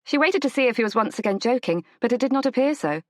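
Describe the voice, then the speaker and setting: A woman narrating a romance audiobook in a measured, gentle storytelling manner. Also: lively intonation, no echo. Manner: measured, gentle storytelling, lifts pitch for the heroine's lines. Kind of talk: scripted narration of a romance novel.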